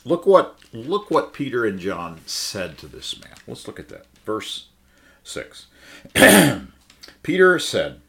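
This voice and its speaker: A man's voice: mid-range voice, very animated, slow, vocal fry, fairly bright tone. A man teaching the Bible in a conversational sermon, emphatic and full of rhetorical questions. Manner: emphatic, asks the listeners many rhetorical questions.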